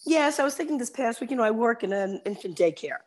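A woman's voice: on the high side, expressive, fast, darkish tone. A woman chatting casually as a guest, rambling through stories and laughing easily. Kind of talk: casual chat and joke telling.

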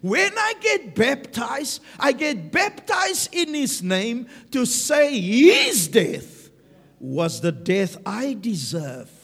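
A man's voice: extremely high pitch, very animated, slow, a bit bright, breathy edge. A man preaching a sermon with emphasis, punctuating his points with "Amen". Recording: long reverb of a large hall.

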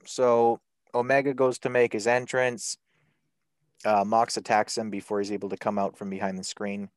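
A man's voice: on the low side, little pitch movement, normal speed, no room sound, studio quality. A man co-hosting a casual wrestling recap, sarcastic and laughing as he describes the matches. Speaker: podcast co-host.

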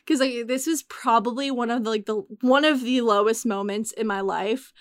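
A woman's voice: fairly high pitch, fairly even intonation, moderate pace, clean tone, dry recording. A young woman in her twenties chatting casually as a guest, using many fillers and close to tears as she talks. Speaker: guest telling her story. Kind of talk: casual podcast chat.

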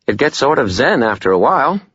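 A chirpy, quirky little man talks brightly in a raised voice, as the narrator voices him. He sounds husky and a touch muffled, full of bouncy pitch. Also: lively intonation, moderate pace, dry recording. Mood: chipper. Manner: bright, chipper.

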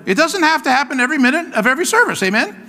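A male pastor delivers an energetic sermon, shouting encouragement and prompting his congregation for responses. His voice is high, bright and cutting, leaping widely in pitch. It rings with the long reverb of a church sanctuary. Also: very fast. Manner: exclamatory, call-and-response, keeps urging "come on".

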